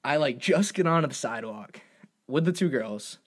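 A young man telling a funny story in casual chat, animated and profane, jumping into high voices when he quotes himself. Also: normal speed. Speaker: storyteller guest.

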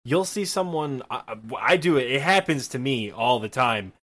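A man's voice: medium pitch, expressive, normal speed, a bit bright. A man in his twenties from Michigan with a Midwestern accent, co-hosting a casual gaming podcast from his apartment, rambling and self-deprecating. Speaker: podcast co-host and streamer.

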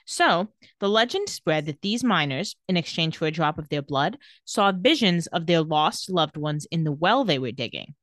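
A woman with a low-sitting, fairly bright voice and lively intonation co-hosts a podcast, recorded clean in a studio with no room sound. She casually recaps a TV episode, playful and quick to laugh, lightly acting out the characters' lines as she retells scenes.

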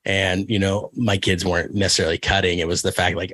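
A man's voice: low-pitched, flat delivery, quick pace, fairly bright tone, dry recording. A man from Kansas, a wrestling coach, talking earnestly in a casual interview, with many fillers and restarts. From Kansas, USA. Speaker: wrestling coach and podcast guest.

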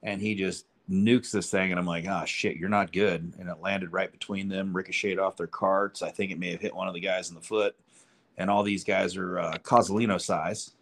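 A man's voice: sits low, flat delivery, fairly quick, a bit bright. A man co-hosting a podcast, telling rambling, profane golf anecdotes and acting out the people in them. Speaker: podcast co-host. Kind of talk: casual chat, storytelling.

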